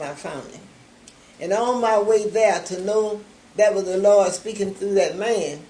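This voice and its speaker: With a mid-range voice, an older woman who founded a charity unhurriedly shares her faith testimony, playing both parts of past conversations and repeating "I said" and "he said" again and again. Background noise and a roomy echo fill the recording.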